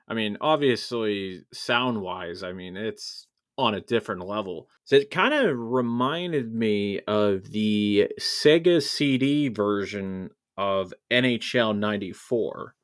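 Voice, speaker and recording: A man hosting a podcast in casual chat, thoughtful and measured. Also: fairly low pitch, clear, resonant tone. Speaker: podcast host.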